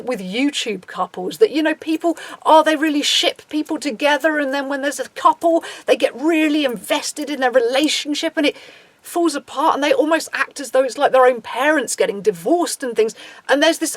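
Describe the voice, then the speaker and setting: A woman's voice: high voice, moderate pace, no echo. A woman in her thirties with an English accent, talking through her opinions in a casual monologue, restarting often and acting out quotes. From England. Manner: chatty and opinionated, with many restarts and acted-out quotes. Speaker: podcast host.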